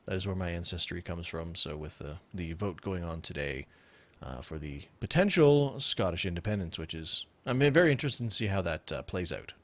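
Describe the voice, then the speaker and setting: A man hosting a casual podcast from a home computer mic, talking in an animated way and laughing often. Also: sits low, normal speed, no echo. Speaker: podcast host.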